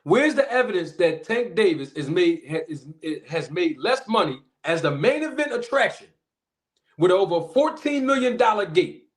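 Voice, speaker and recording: A man's voice: high voice, moderate pace. A man hosting a boxing live stream, calling out viewers in the chat and arguing in disbelief. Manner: animated, incredulous, shouting out chat members. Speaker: boxing commentary channel host. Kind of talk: casual live-stream commentary.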